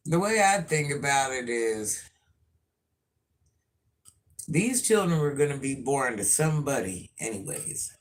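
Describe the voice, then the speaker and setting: A man's voice: mid-range voice, expressive, measured pace, long pauses. Man musing casually on a live stream. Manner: rambling, musing to viewers with repeated phrases.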